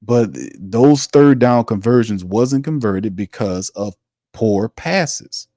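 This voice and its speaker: A male sports talk host rants in exasperation, circling back to the same complaints again and again. His voice sits low, and the recording is dry and close, with no room echo. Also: animated, takes it slowly, warm tone. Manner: exasperated, ranting, repetitive. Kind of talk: sports commentary rant.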